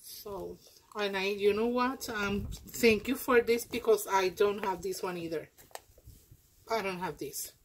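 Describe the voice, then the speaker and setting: A woman vlogger unboxing craft mail, gushing and effusive, with halting speech and many restarts. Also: medium pitch, a little hiss or hum, rough recording. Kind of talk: casual happy-mail unboxing.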